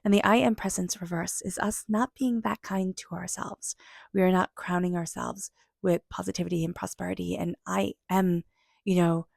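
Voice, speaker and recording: Tarot reader, female, earnest and reflective, gravelly low voice. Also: steady tone, normal speed, a little mellow, no echo, studio quality. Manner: earnest, reflective, speaks to viewers directly. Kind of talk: intuitive tarot reading.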